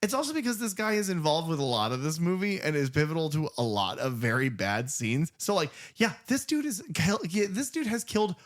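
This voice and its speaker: A man's voice: on the high side, fairly quick, few pauses. A man co-hosting a podcast, casually and profanely retelling a horror film's scenes and acting out the lines. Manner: profane, animated retelling with acted-out quotes. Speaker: podcast co-host. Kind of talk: casual film discussion.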